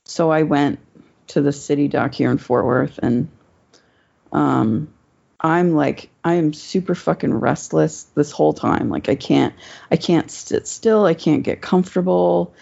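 Gravelly woman telling a rambling story. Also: deep voice, a little slow, mellow. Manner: rambling, profane, many fillers. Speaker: guest telling a personal story. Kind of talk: casual storytelling chat. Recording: dull lo-fi recording.

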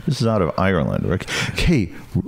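A man's voice: low-pitched, wildly swooping pitch, moderate pace, creaky. A man co-hosting a podcast, chatting casually and jokily, rambling with plenty of fillers. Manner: rambling, jokey, lots of fillers. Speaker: podcast co-host. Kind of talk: casual comedic chat.

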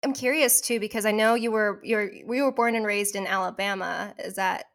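Young Californian woman, thoughtful and halting, casual talk. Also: medium pitch, fairly even intonation, a bit bright. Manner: thoughtful, halting, with many restarts. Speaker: actor, co-host. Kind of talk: casual conversation.

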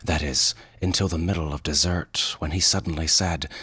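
A man reading a short story as its narrator in a measured, dry storytelling manner. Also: very deep voice, fairly even intonation, sharp tone, husky, no room sound. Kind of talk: scripted narration.

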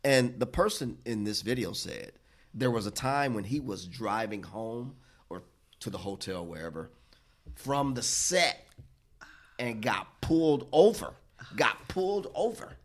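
A man co-hosting a casual discussion, telling a story in an animated way and acting out the quotes. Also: medium pitch, measured pace.

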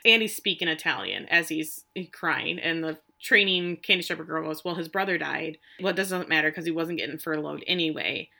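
A woman's voice: deep voice, a little fast, vocal fry, hardly any pauses, pushed and bright. A woman co-hosting a podcast, casually retelling scenes from a show with frank, salty asides. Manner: casual, frank retelling with swearing and acted quotes. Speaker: podcast co-host recapping a TV episode. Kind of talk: casual chat.

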